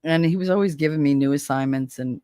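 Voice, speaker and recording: A woman's voice: low voice, fast, warm tone, clean tone, no echo, clean studio sound. A woman hosting a livestream, chatting casually with viewers, blunt and swearing freely, laughing often. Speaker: livestream host. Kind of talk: casual chat with live viewers.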